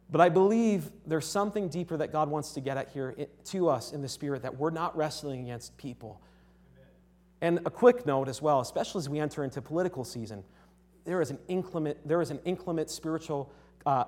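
A young man from Connecticut delivers a sermon in an earnest, conversational manner. His voice sits a little high for a man, and he often restarts his sentences while checking in with his listeners. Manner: earnest, conversational, with frequent restarts and rhetorical "right?". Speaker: preacher.

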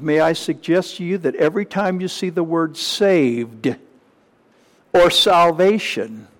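A man preaching a sermon, teaching from slides with emphatic repetition and rhetorical questions. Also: on the high side. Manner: slow, emphatic, with repeated phrases and rising questions.

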